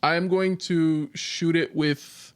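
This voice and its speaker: A man's voice: fairly high pitch, steady tone, takes it slowly, clear, resonant tone, dry recording. A man playing a tabletop game, brash and commanding.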